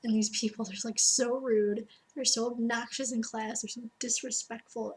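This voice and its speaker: A woman's voice: a little high, normal speed, breathy edge, poor audio. A young woman in her late teens, an exchange student, ranting to her webcam in casual talk, full of "like" and acted-out quotes. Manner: animated storytelling, frequent "like" and acted-out quotes. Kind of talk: casual ranting monologue to camera.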